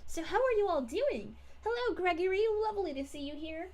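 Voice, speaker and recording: Brief: sweet bubbly young princess, woman voicing, very high and sing-song, livestream chat in character. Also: lively intonation, fairly quick, a little mellow. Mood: cheerful. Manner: gushing, sing-song greetings to viewers. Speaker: VTuber streamer.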